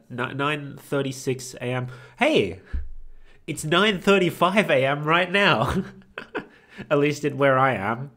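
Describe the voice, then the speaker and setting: A man's voice: medium pitch, pushed and bright. Giggly Australian man streaming a game. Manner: giggly, laughs often. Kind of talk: gaming commentary.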